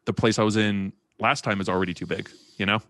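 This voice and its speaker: Brief: young man co-hosting a casual chat, low-pitched, very dry sound, lively storyteller. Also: fast, no echo. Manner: animated, restarts, acts out quotes.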